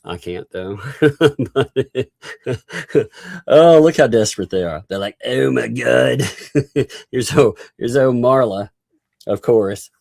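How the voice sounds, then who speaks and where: A man's voice: medium pitch, animated, slow pace, pauses often, darkish tone, no room sound, studio quality. A man with a Southern US accent hosting a live commentary stream, sarcastic and amused, chuckling often as he talks. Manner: chuckles often while talking. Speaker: livestream host.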